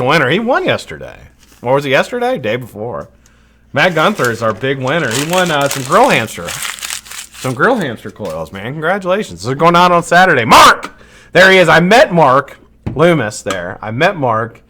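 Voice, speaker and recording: A man's voice: medium pitch, a bit bright. A man hosting a casual live stream, rambling and joking, greeting viewers by name and swearing now and then.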